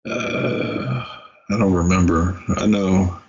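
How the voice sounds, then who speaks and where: Deep gravelly man chiming in. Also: slow, a little mellow, lo-fi sound. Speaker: podcast co-host. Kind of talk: casual movie recap chat.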